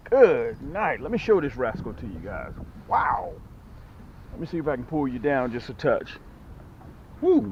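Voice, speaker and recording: Brief: folksy male angler, animated delivery, muffled outdoor audio. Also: medium pitch, background noise. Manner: excited, folksy, hypes his products. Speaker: fishing vlogger and lure seller. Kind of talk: casual fishing vlog with product pitch. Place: outdoors on a boat.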